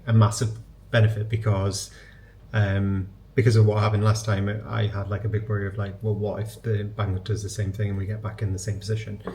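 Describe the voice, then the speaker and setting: A chatty young man from England talks casually through a day at home. His voice sits on the low side, with a faint hiss of background noise under it. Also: darkish tone. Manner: chatty, talks to his puppy in a cooing baby voice. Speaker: vlogger. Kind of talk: casual vlog chat.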